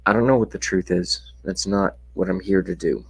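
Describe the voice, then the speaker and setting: Poor audio from a webcam mic captures this man's deep, creaky, slightly rough voice at a moderate pace. He hosts a casual live-streamed rant, addressing his chat with sarcasm and profanity and occasionally whispering.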